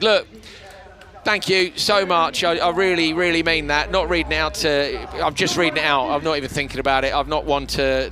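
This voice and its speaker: Hoarse, bright-voiced man commentating. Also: fairly high pitch. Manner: chatty, emotional, laughs often. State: hoarse, tired voice. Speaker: rallycross commentator. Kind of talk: casual live broadcast chat.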